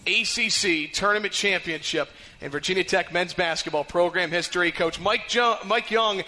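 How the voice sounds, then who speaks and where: A man hosting a live radio sports show, talking in a brisk broadcaster delivery from a bar. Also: high voice, bright, forceful tone, slight background noise.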